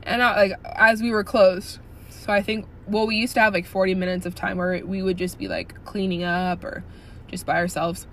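A woman in her early twenties telling a workplace story in a casual, animated rant, blunt and profane with lots of "like" fillers. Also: mid-range voice, moderate pace, a little hiss or hum. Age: early 20s. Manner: indignant and blunt.

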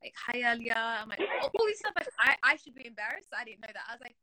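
A woman in her twenties from Australia, a guest in a casual live-stream chat, talking in a quick, animated way with lots of "like". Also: on the high side, no room sound, low-quality recording.

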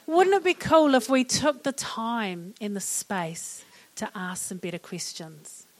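A woman's voice: a little high, fairly bright tone. A middle-aged woman with a New Zealand accent giving a humorous, chatty public talk on mental wellness to an audience. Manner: humorous and chatty, laughing at her own jokes.

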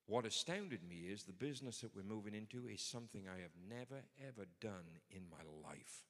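Low-voiced man preaching, chatty then punchy, long hall echo. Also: lively intonation, brisk. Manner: conversational, emphatic, builds to forceful points. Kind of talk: sermon.

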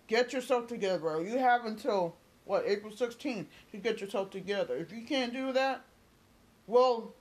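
Furious woman ranting about her team. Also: a little high. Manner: heated, cursing, repetitive; asks viewers questions, slangy. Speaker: sports vlogger. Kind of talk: angry fan rant.

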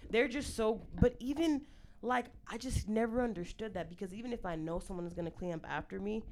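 A woman's voice: mid-range voice, a little fast, darkish tone, slight background noise. A woman in a casual podcast chat, talking loosely with many fillers. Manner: chatty, lots of fillers like "like". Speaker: podcast co-host.

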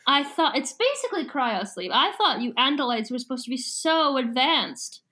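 A scheming middle-aged tech mogul speaks in a put-on Scottish brogue, as a woman reads him aloud. He sounds mock-grand and resigned, with a voice that sits a little high. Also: sing-song, moderate pace, sharp tone, exaggerated voice. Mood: condescending. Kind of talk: reading a book aloud with voices.

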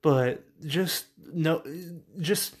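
A man's voice: a little high, very slow. A man co-hosting a podcast, giving short, blunt opinions in a casual film chat. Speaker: podcast co-host.

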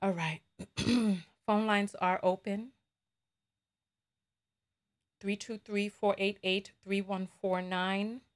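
A woman's voice: mid-range voice, fairly even intonation, takes it slowly. Sassy New York woman hosting a livestream. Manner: chatty, sassy, laughs often. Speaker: livestream talk show host. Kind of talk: casual livestream chat reading donations.

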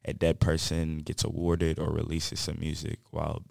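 A man's voice: extremely low pitch, monotone, normal speed, creaky, a little mellow, no room sound, studio quality. A young man co-hosting a casual show, playful and jokey. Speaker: student co-host.

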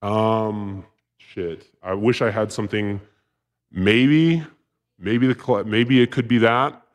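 A man telling a story as a podcast guest, rambling and profane, with excited bursts. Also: on the low side, takes it slowly. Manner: profane, rambling, with filler words; excited bursts when retelling action. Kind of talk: casual storytelling.

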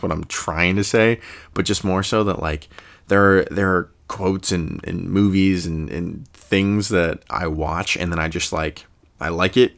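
A young man with a low, fairly bright voice hosts a casual solo podcast. He thinks out loud, rambling with fillers and restarts, chuckling often and slipping into quick impressions.

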